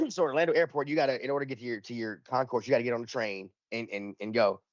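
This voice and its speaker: A man's voice: mid-range voice, quick pace, no room sound, muffled recording. A man in casual podcast chat, telling a rambling, profane anecdote and acting out the dialogue in it. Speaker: podcast panelist.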